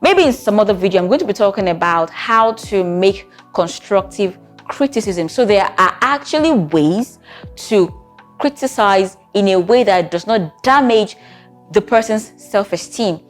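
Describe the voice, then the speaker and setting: A woman talks straight to camera as a therapist, advising on relationships. Her voice sits at a mid pitch, and she keeps it conversational, often checking in with rhetorical questions. Faint music plays behind her. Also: lively intonation, unhurried. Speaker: therapist giving relationship advice. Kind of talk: talking-to-camera advice video.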